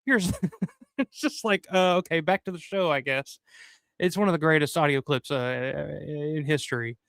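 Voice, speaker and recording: A man's voice: fairly high pitch, normal speed, gravelly, fairly bright tone, clear, resonant tone, no room sound, studio quality. A middle-aged man hosting a live stream, chatting loosely and profanely while thanking viewers by name. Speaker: livestream host. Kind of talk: casual live-stream chat.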